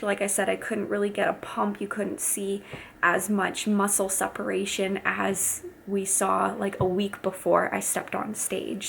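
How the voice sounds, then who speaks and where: A woman speaking in a middle-range voice with a gravelly, fry-tinged texture. She talks casually and candidly to her viewers in a vlog, chatty and open, with easy fillers as she shares how her competition went. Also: mid-range voice, fairly bright tone. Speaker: bikini competitor and fitness coach.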